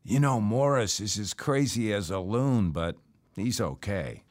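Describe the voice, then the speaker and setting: A man voicing an easygoing male neighbor who confides an aside in a hushed voice. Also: on the low side, lively intonation, a little slow. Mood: confiding.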